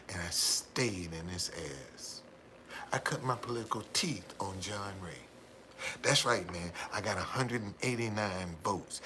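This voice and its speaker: A man's voice: fairly low pitch, pushed and bright, a little hiss or hum. A man hosting a livestream, telling a rambling story to his viewers, repeating words and laughing often. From United States. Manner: gives frequent hearty laughs. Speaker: livestream host.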